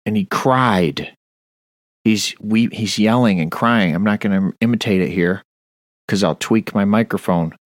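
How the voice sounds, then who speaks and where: A man's voice: on the low side, no echo, clean studio sound. A man preaching a Bible study on a radio show, earnest and stern, reading scripture aloud. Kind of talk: sermon-style Bible study.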